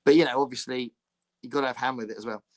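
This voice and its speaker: He's a podcast host from England, chatting very fast in a medium-pitched voice during a casual video-call conversation. Laughter comes often, and his animated talk is full of restarted sentences.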